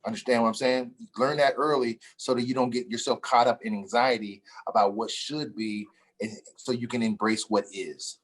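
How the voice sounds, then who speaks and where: A man's voice: mid-range voice, steady tone, moderate pace. A man leading a mentoring workshop over a video call, emphatic and repeating his points, jokey at first, then earnest. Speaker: workshop facilitator.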